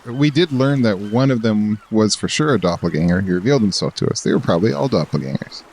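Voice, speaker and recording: Man, tabletop player, playful, jokey, very lively intonation. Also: fairly low pitch, fast. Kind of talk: casual chat in a tabletop game.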